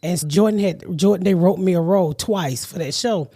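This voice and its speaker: A woman's voice: on the low side, brisk, mellow. A middle-aged woman host telling stories in a brash, profane, laughing manner. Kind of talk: casual storytelling chat.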